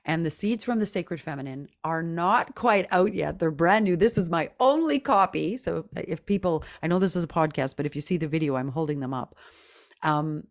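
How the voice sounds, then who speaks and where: A low-voiced middle-aged woman talks as a podcast guest. She is earnest and reflective, and she laughs easily between thoughts. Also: lively intonation, moderate pace. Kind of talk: casual interview talk.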